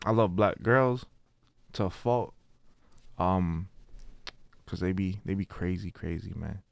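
A young man, talking loosely on a podcast. His delivery is slang-heavy and loud, with plenty of laughter. The sound is dry and close to the mic. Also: sits low, takes it slowly, creaky, dry recording. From Canada. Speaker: podcast co-host. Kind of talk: casual chat.

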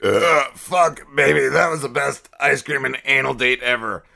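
A man's voice: mid-range voice, normal speed, creaky, bright, forceful tone, soft background music. Man playing a brash crude guy. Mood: boastful. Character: crude, boastful grown man in a skit. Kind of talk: comedy skit acting.

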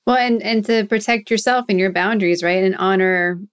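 A woman's voice: medium pitch, brisk, smooth. Supportive woman host reflecting. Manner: supportive, reflective, frequent affirmations. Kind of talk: casual interview.

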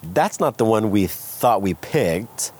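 A man from California, a guest entrepreneur, candidly telling his story with animated retellings of what people said. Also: lowish voice, slow pace, slightly rough. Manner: animated, acts out quoted voices. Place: outdoors by a smoky fire.

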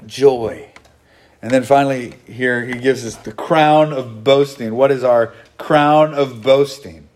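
A man's voice: medium pitch, takes it slowly, darkish tone. A man preaching a sermon to his congregation, earnest and conversational, often acting out what people say. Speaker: pastor.

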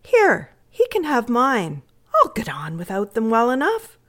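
A woman's voice: on the high side, wildly swooping pitch, unhurried, exaggerated voice. Woman doing a cheerful little poor boy. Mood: kind. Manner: cheerful, gentle.

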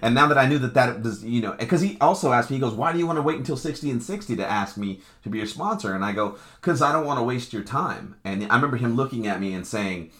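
A man telling his recovery story in a casual chat, animated, with slangy speech and swearing, often acting out the dialogue. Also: mid-range voice, fast, hardly any pauses. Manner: animated, acts out quoted dialogue, laughs often.

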